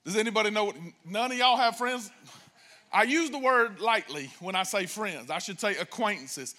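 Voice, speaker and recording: High, bright-voiced male preacher. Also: moderate pace. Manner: animated, joking storytelling with acted-out voices. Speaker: pastor. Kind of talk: sermon.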